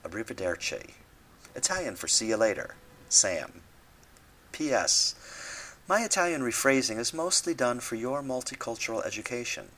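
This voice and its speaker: A man's voice: mid-range voice, big pitch swings, moderate pace, sharp tone. A man reading his own devotional essay aloud, with dry humorous asides and mock translations.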